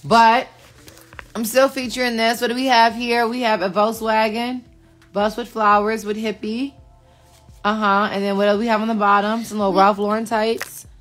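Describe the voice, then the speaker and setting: A middle-aged woman in casual chat to camera, relaxed and slangy, bantering playfully with her daughter. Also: fairly high pitch, moderate pace, faint music behind. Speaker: vlogger and mother.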